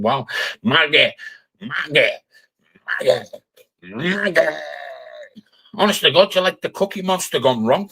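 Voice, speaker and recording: A man's voice: on the high side, breathy edge. A man with a Cumbrian accent ranting on a live stream, swearing constantly and hurling mocking insults at other streamers. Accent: Cumbrian English. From Cumbria, England. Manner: angry, profane, insulting; mocking, jeering.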